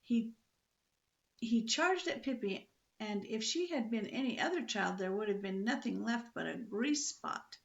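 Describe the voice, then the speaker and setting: An older woman reading a children's book aloud in a lively, expressive storytelling manner. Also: on the high side, unhurried, gravelly, lo-fi sound.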